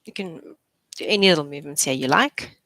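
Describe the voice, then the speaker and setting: A woman's voice: low-pitched, expressive, brisk, bright, forceful tone, no echo. A young adult woman, a physiotherapist, leading a live posture class with encouraging, chatty cues and frequent laughs. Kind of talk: live exercise class instruction.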